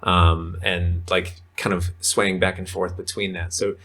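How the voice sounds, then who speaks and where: A man's voice: sits low, flat delivery, measured pace, sharp tone. A man talking as a podcast guest in casual, rambling conversation, full of fillers. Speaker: podcast guest, men's coach.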